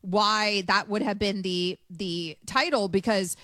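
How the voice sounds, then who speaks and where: A woman hosting a sports radio show, brisk and pointed, raising questions and building her case. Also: mid-range voice, a bit bright, no room sound, clean studio sound. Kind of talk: sports radio talk with read ads.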